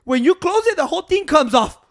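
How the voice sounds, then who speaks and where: A man's voice: very high voice, lively intonation, fairly quick, a bit bright, dry recording, clean studio sound. Profane, laughing code-switching man. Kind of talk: casual chat.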